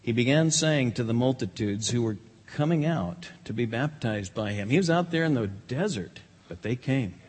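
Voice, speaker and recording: A man's voice: mid-range voice, animated, moderate pace, few pauses, darkish tone, breathy edge. A man, a pastor, preaching a sermon in a church, emphatic and dramatic when he quotes others. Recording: long hall reverb.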